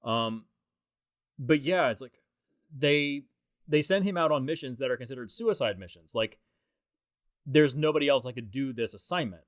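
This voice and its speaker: A man giving a relaxed commentary track over a film. He rambles in a conversational way, trails off and picks his thoughts back up. His voice sits at a middling pitch and is recorded close and dry. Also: moderate pace, long pauses, no echo. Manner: rambling, conversational, with many fillers and restarts.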